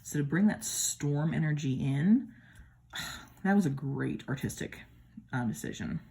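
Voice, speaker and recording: A woman's voice: deep voice, lively intonation, unhurried, gravelly, warm tone. A woman from the American Midwest with a Midwestern accent, chatting casually and admiringly as she compares tarot decks at home. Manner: chatty, admiring, with playful asides. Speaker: tarot deck reviewer. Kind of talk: casual deck comparison talk.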